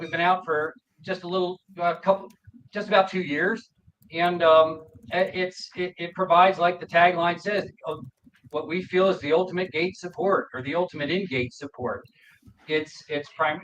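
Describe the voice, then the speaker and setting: Halting man on a dull distant line. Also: fairly high pitch, bright, forceful tone, a little hiss or hum. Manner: halting, many restarts and fillers. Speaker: guest, gate product maker. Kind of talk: explaining a product on a show.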